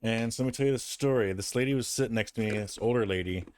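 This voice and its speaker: A man's voice: on the low side, quick pace, darkish tone, a little hiss or hum. A man casually telling a rambling personal anecdote, with frequent restarts and fillers. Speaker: vlogger. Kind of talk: casual storytelling.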